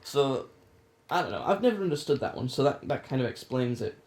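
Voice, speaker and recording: A young man from England hosts a casual podcast chat. He jokes and teases his co-host and laughs a lot. His voice sits at a middle pitch. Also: sing-song, fairly quick, a little mellow. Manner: joking, teasing, laughs often.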